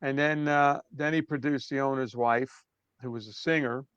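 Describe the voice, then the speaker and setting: A man in his sixties from Brooklyn with a New York accent, telling stories as an interview guest in a relaxed way that trails off softly. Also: medium pitch, moderate pace, clean tone, no echo, muffled recording. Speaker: drummer guest. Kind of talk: casual interview storytelling.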